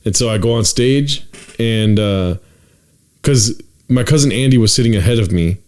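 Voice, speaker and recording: A young man co-hosting a relaxed podcast chat. He tells a story with lots of energy, acts out the voices of the people in it, and curses casually. His voice sits at an ordinary middle pitch. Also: normal speed. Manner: animated storyteller, acts out quotes, swears casually. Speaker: podcast co-host.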